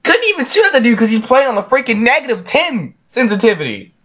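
A man's voice: extremely high pitch, very animated, quick pace, a bit bright, roomy sound, far from the mic, highs cut off. A man joking and rambling through casual gaming banter, often repeating himself. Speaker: gaming YouTuber.

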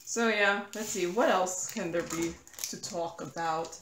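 A woman's voice: lowish voice, measured pace, fairly bright tone, reverberant, slight background noise. Rambling American woman chatting while crafting. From United States. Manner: rambling, filler-heavy, self-correcting. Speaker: crafting YouTuber. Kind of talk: casual chat while crafting.

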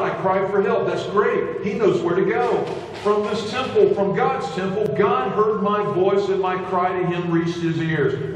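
Earnest pastor preaching in echoey hall. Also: male voice, sits high, a little hiss or hum. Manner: earnest preaching, swinging between hushed storytelling and raised fervent appeals. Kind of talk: sermon. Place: church sanctuary. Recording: echoey church hall from a distance.

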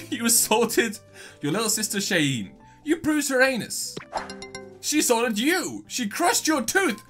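Animated high-voiced young man gaming. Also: slow pace, soft background music. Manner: animated, sarcastic, reads game text aloud. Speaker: gaming YouTuber. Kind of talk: casual let's-play commentary.

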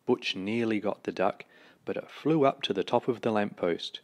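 A man reading a children's picture book aloud in a slow, deliberate, expressive storytelling manner. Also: fairly low pitch. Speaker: storybook reader.

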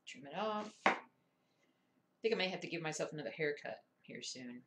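A woman's voice: low voice, lively intonation, a little fast, heavy background noise. A woman chatting casually and muttering to herself while doing cross-stitch, self-deprecating and chatty. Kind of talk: casual stitch-along chat.

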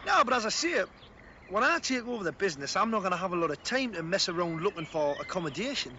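An actor playing a brash, boastful working-class builder. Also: male voice, high voice, big pitch swings, fast, pushed and bright, heavily acted. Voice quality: cocky, jokey. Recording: dull TV soundtrack with noise.

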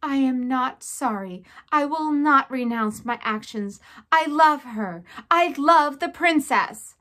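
A woman voicing a small, timid young male mouse, speaking softly and quietly. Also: high voice, takes it slowly, full character voice. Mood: earnest. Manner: soft, hushed.

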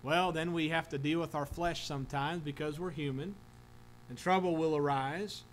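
A man's voice: on the high side, fairly even intonation, moderate pace, a little hiss or hum, rough recording. A man preaching a sermon as pastor, earnest, with frequent restarts and filler words. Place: church sanctuary.

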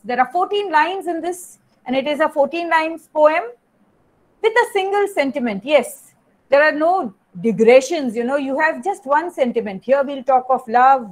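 A woman teacher with an Indian English accent gives an online lecture, explaining step by step in a high-pitched voice. She repeats phrases and often slips in "you know" and "okay."

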